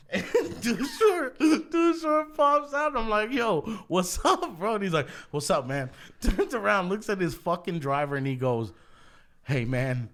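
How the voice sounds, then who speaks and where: A man's voice: high-pitched, unhurried. A man telling wild stories in casual podcast chat, swearing freely and laughing as he quotes people. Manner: profane, laughing storyteller, animated quoting. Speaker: podcast host. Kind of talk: casual storytelling.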